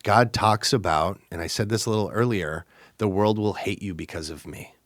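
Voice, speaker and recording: A man's voice: fairly low pitch, normal speed, fairly bright tone, no room sound. Earnest man with a dry close voice. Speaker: podcast co-host. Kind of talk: casual faith podcast chat.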